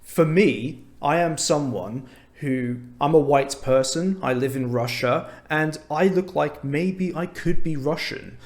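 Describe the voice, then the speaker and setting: A young man from England with an English accent, speaking as a tutor in a frank, earnest lesson video. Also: on the high side. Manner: unhurried, earnest, frank opinions.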